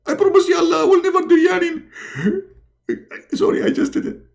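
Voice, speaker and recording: A man voicing a jealous, frantic male prophet who begs for forgiveness in a high, shrill voice. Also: steady tone, creaky. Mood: pleading. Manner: shrill, pleading, hurried.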